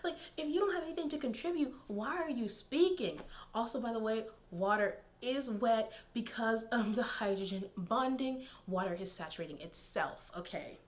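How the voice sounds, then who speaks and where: A young woman with a slightly high voice speaks at normal speed with few pauses. As a YouTube commentator, she talks casually and digressively to camera, laughing and leaning on lots of fillers.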